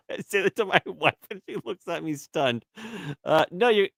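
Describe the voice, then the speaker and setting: A man's voice: high voice, animated, measured pace, creaky, a bit bright, no room sound, clean studio sound. A middle-aged man from Canada, telling rambling stories in casual chat, laughing often and acting out what others said. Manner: rambling storyteller, laughs a lot, acts out quotes.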